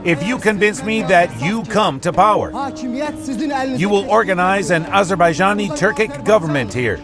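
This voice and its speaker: An actor playing an impassioned parliamentary leader who fires off accusing rhetorical questions, in a dubbed documentary reenactment. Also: male voice, high voice, expressive, normal speed. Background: music.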